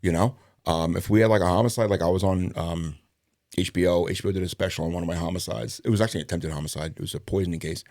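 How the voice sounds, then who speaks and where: Middle-aged guy, deep gravelly voice, swearing his way through cop stories, dry close sound. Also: very fast, darkish tone, no echo. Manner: profane, rambling storyteller who acts out others' lines. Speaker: retired police detective, guest. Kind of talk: casual storytelling interview.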